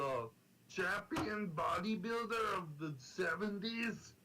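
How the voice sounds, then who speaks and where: A man's voice: high-pitched, pushed and bright, slight background noise, rough recording. A young man streaming a game, talking in a rambling, filler-heavy, swearing way. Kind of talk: casual chat on a game stream.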